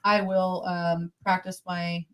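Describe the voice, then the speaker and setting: A woman co-hosting a casual podcast, playful and teasing, sometimes dropping into soft asides. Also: lowish voice, level tone, slow pace, no room sound. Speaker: podcast co-host. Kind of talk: casual chat.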